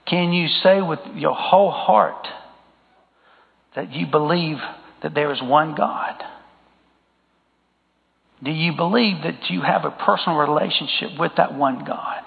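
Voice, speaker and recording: A man's voice: fairly high pitch, measured pace, creaky, long pauses. A male pastor preaching a sermon and calling out to the congregation. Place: church sanctuary. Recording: tinny phone-like sound with long hall reverb.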